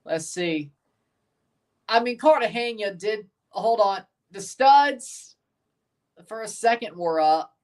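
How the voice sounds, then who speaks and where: A man's voice: sits high, animated, takes it slowly, long pauses, a little mellow, recorded from a distance. A man with a Southern accent streaming live match reactions, chatting with viewers and exclaiming at plays. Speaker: watchalong streamer.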